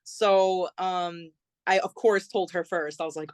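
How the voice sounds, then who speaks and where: A woman's voice: medium pitch, fast, dry recording. Chatty woman telling a story. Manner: chatty, many fillers, acts out quoted dialogue. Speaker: podcast guest, singer-songwriter. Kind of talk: conversational storytelling.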